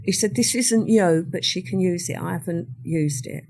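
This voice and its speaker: A woman's voice: lowish voice, moderate pace, vocal fry, darkish tone, a little hiss or hum. An older woman, a podcast guest recounting a personal story in conversation and acting out what others said. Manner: vivid storyteller who acts out what others said.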